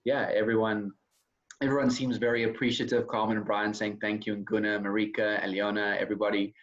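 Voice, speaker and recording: Male host, fairly low voice, rambling and friendly, dull call sound. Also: little pitch movement, brisk. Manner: rambling, friendly, repeats himself. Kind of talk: casual interview chat.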